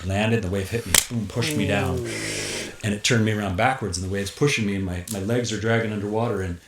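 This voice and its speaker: Speaking fast in a lowish voice, a middle-aged man appears as a guest in a casual tipi interview, with a crowd audible behind him. He recounts something that happened to him, dramatizing moments with gasps and exclamations, over a roomy echo and faint noise.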